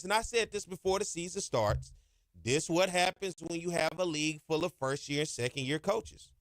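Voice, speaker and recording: A man hosts a college sports talk show, animated and full of rhetorical jabs. His voice sits a bit high for a man. The sound is dry and close. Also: a little fast, dry recording. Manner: animated, trash-talking, rhetorical questions. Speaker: podcast host.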